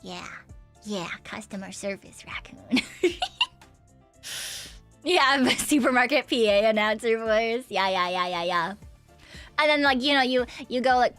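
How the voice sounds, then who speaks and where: Bright-pitched woman streamer, playful casual chat, giggles and repeated yeses, soft music underneath. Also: expressive, a little slow, pauses often, smooth.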